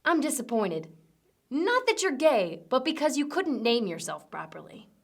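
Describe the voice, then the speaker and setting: A woman's voice: sits high, big pitch swings, moderate pace, gravelly. A young woman hosting a comedic news rundown, delivering sarcastic punchy jokes. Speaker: host.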